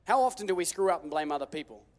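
A man's voice: a little high, racing. Aussie guy pastor, sermon storytelling, playful, lots of echo. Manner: animated, joking storytelling with acted-out quotes. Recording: long hall reverb.

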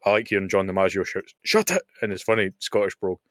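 A man in his thirties from the UK with a very low voice, co-hosting a podcast. He speaks bluntly, swears freely and adds dry humour, and the sound is close and dry. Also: level tone, racing, no echo. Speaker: podcast co-host. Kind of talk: casual chat. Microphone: remote call mic.

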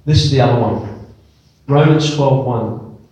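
A man preaching a sermon, emphatic and animated, throwing rhetorical questions at his congregation and dropping to quiet asides. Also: measured pace. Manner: animated and emphatic, swinging from loud exclamations to low, quiet asides. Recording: very echoey church hall.

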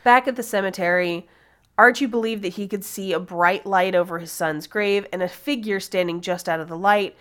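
A woman hosts a podcast, recounting a true-crime case in a loose, conversational way. She speaks at a middle pitch, laughs often and drops the odd swear. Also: normal speed, a bit bright, smooth. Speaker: podcast host. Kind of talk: casual true-crime storytelling.

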